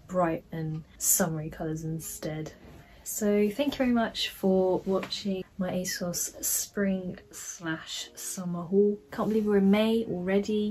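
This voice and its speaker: A woman's voice: mid-range voice, mellow, rough recording. A young woman chatting casually through a clothing try-on haul vlog, with lots of fillers. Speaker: fashion vlogger.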